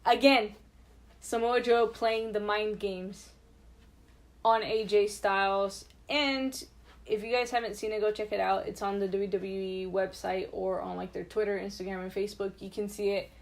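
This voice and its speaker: A woman co-hosts a podcast in loose, casual chat. She is chatty and animated, and she leans on fillers and restarts. Her pitch sits in the middle range. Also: moderate pace. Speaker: podcast co-host.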